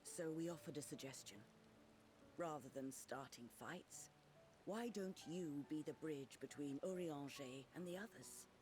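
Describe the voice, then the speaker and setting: A loving middle-aged father, voiced by an actor in a game cutscene, gentle and heartfelt. His voice sits a little high, over clear orchestral music. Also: unhurried, lightly acted. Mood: tender.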